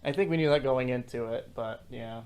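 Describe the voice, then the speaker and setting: A man co-hosting a casual music podcast, speaking softly and hesitantly, often agreeing. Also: mid-range voice, clear, resonant tone. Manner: slow, hesitant, soft-spoken agreement. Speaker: podcast host. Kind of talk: casual music commentary chat.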